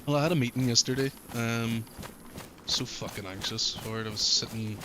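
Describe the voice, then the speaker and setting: A man's voice: medium pitch, normal speed. A man with an Irish accent, a streamer chatting casually, rambling with lots of fillers and swearing freely. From Ireland. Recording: noticeable background noise.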